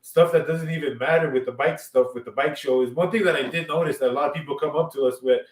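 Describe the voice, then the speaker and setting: A man's voice: on the high side, fast talker. A man co-hosting a casual chat show, rambling, repeating words and dropping "you know what I mean" over and over. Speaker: co-host. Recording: roomy, from far off the mic.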